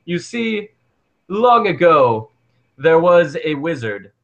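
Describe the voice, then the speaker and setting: A man doing a slow, lofty old guardian. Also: a little high, very animated, heavily acted.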